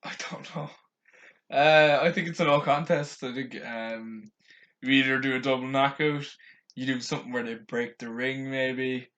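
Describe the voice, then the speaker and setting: A man co-hosting a wrestling podcast in casual chat, joking and quick to laugh. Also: medium pitch, steady tone, fairly bright tone, dull audio. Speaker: podcast co-host.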